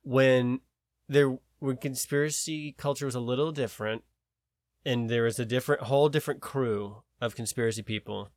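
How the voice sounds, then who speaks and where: A man's voice: medium pitch, fairly even intonation, moderate pace, no echo, clean studio sound. A man co-hosting a podcast, rambling and searching for words in casual chat. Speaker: podcast co-host.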